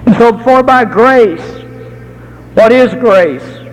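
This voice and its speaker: A middle-aged American man preaching a sermon, telling folksy stories and slowing down to stress key words. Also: very high-pitched, lively intonation, long reverb tail, slight background noise, rough recording. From United States.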